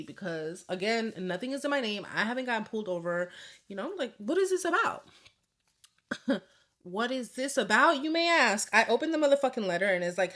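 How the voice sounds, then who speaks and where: A woman's voice: mid-range voice, animated, normal speed, a bit bright. A woman in her thirties chatting casually and candidly, swearing freely as she tells a personal story in a vlog. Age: 30s. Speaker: vlogger.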